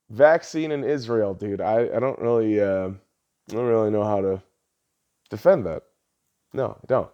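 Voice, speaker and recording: A man hosting a podcast, ranting heatedly and swearing often, his voice lurching between loud outbursts and low mutters. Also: a little slow, pauses often, clean tone, muffled recording. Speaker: podcast host. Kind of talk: ranting political commentary.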